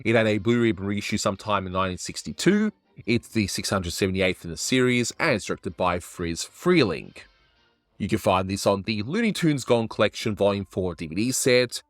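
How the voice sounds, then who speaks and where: A man's voice: lowish voice, lively intonation, moderate pace, dry recording, soft background music. A man hosting a cartoon review, chatting casually with wry asides.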